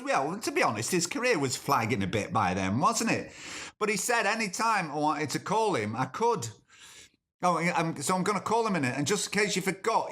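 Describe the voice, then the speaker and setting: A man's voice: a little high, sharp tone. A man hosting a comedy podcast, rambling in a dry, sarcastic way. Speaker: podcast host.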